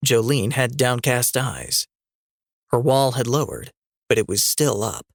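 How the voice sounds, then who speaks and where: A man narrating an audiobook in a steady, measured reading. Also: mid-range voice, creaky, dry recording, clean studio sound.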